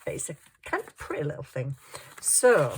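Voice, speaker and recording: Low-voiced woman chatting while crafting. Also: wildly swooping pitch, moderate pace, slight background noise. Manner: rambling, thinking aloud, self-mocking; chuckles often while working. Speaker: craft journaling vlogger. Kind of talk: casual crafting chat. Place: home craft desk.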